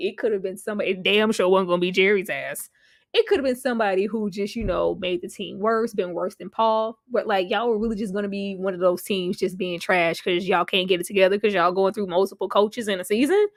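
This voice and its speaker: A woman giving a casual reaction review of a TV episode, slangy and animated, laughing often and swearing freely. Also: mid-range voice, brisk, no room sound, clean studio sound.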